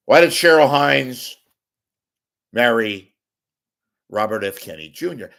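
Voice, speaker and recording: A man hosting his own show, ranting casually to camera in a rambling, wisecracking, profane way, often clearing his throat. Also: medium pitch, animated, takes it slowly, pauses often, a bit bright. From San Francisco Bay Area. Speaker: host of a media commentary show. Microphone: webcam or camera at desk.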